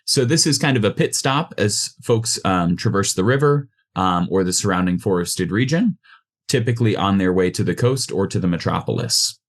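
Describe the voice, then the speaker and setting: A man narrating a tabletop game as game master, relaxed and loose, with frequent ums. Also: low-pitched, normal speed.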